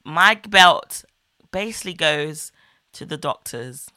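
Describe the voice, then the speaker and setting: A young woman, co-hosting a casual chat show and telling a story with lively, slangy, swearing energy and acted-out voices. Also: low voice, takes it slowly, no room sound, studio quality. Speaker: podcast co-host.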